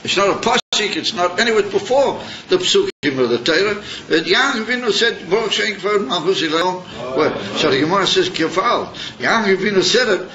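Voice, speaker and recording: A man's voice: high-pitched, very animated, brisk, few pauses, pushed and bright, highs cut off. A man teaching a Torah class in a chatty, searching way, mixing in Hebrew and Yiddish terms.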